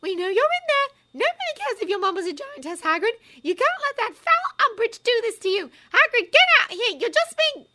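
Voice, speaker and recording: Shrill furious schoolgirl witch. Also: sing-song, unhurried, sharp tone, heavily acted. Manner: shrill and defiant.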